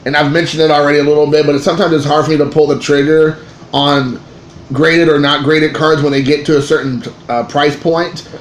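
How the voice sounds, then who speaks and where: Excitable rambling man in echoey room. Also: on the high side, a little fast. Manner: rambling and excitable, with many restarts and fillers. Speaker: card collecting vlogger. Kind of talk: casual storytelling to camera. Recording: echoey room with faint ambient noise.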